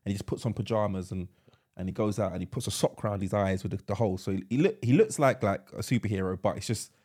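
A man's voice: lowish voice, quick pace. A man co-hosting a podcast, casually retelling a film scene in a rambling, laughing way. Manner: rambling storyteller, animated and laughing. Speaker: podcast co-host. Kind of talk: casual chat.

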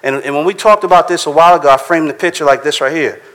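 A man's voice: a little high, rapid-fire, a bit bright. A man preaching a sermon in a casual, conversational way, often checking in with "right?". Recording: long hall reverb.

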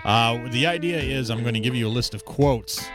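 A relaxed man hosting a podcast with loose, joking banter, speaking at a middling pitch. Guitar music runs clearly under his voice. He laughs often between lines. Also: moderate pace. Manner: reads quotes in a mock sexy voice, laughs often. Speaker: podcast host running a quiz game.

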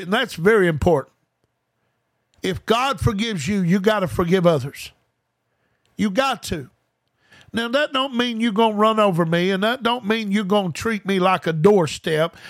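Preaching an informal podcast sermon, this high-voiced man calls his listeners "guys" and speaks straight to them. He's fervent and colloquial, repeats key phrases, asks rhetorical questions, and there's no room sound.

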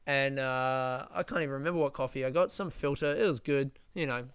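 A man's voice: mid-range voice, fairly quick, clean tone. A man telling a rambling, casual story to camera, swearing freely and mocking himself as he goes. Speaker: vlogger.

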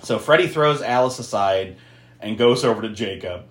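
Animated man recapping a film. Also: fairly low pitch, normal speed. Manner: animated storyteller, swears, laughs often. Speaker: podcast host recapping a film. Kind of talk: casual movie recap chat. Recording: echoey room.

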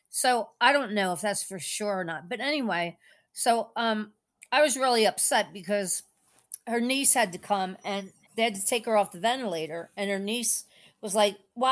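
A middle-aged woman talks on a call-in faith program with a voice pitched a little above average. She rambles and circles back through her story in a tender, unpolished way. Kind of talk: casual emotional storytelling.

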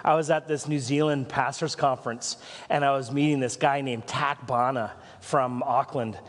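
A man's voice: mid-range voice, steady tone, moderate pace, long reverb tail. A Canadian man preaching a sermon as pastor, telling rambling stories full of asides and small jokes. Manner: rambling, self-interrupting storytelling with asides and jokes. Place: church.

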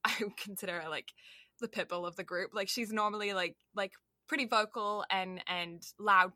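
A woman's voice: medium pitch, bright, forceful tone, no echo, studio quality. A young Canadian woman co-hosting a podcast, chatting casually and rambling with lots of "like" and "um". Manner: rambling, heavy on "like" and "um". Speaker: podcast co-host. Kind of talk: casual chat.

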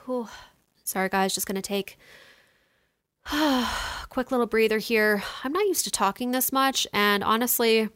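A woman's voice: on the high side, a little slow, long pauses, a bit bright, no room sound, studio quality. A young woman telling a personal story to her viewers in a casual, chatty way, full of "like" and "you know", emotional, with her throat getting sore. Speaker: vlogger.

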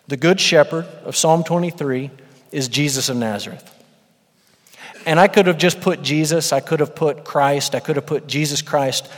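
Earnest preacher in a reverberant hall. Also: male voice, a little high. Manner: earnest, building to emphatic peaks. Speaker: pastor. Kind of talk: sermon. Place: church sanctuary.

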